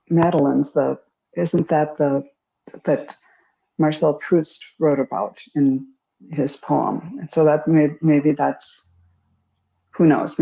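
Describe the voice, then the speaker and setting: A woman giving psychic readings over a video call, her voice dark and gravelly. She wanders through her thoughts with pauses and self-deprecating asides. The audio is dull and lo-fi. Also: low voice. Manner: meandering, hesitant, self-deprecating. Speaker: psychic co-host. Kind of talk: live-stream reading.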